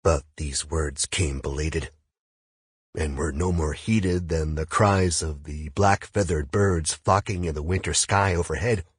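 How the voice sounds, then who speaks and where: A man reading an audiobook as first-person narration, with a measured, grave, steady delivery and a husky voice. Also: extremely low pitch, no echo, studio quality.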